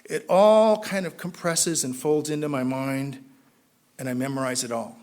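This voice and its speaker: Animated Southern Californian man telling his story. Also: moderate pace. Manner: animated storyteller, acts out voices, gets loud and high when excited. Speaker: AA speaker. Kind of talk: recovery talk storytelling.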